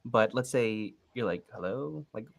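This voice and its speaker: A man's voice: fairly low pitch, brisk. A young man on a casual coaching call, walking through his steps one at a time and acting out sample phone calls. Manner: relaxed, explains step by step and acts out sample phone calls. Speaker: real estate investing coach. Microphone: video call.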